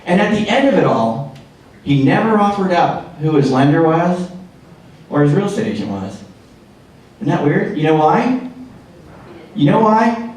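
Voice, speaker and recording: A man's voice: fairly high pitch, animated, moderate pace, pauses often, darkish tone. A man presenting a punchy motivational sales talk to a live audience at a real estate seminar, firing off rhetorical questions. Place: meeting room with live audience. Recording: echoey room, recorded from far off.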